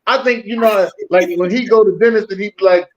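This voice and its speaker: A man's voice: high-pitched, a little fast. A man co-hosting a podcast in casual chat, laid-back and easygoing, often repeating his phrases. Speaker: podcast co-host.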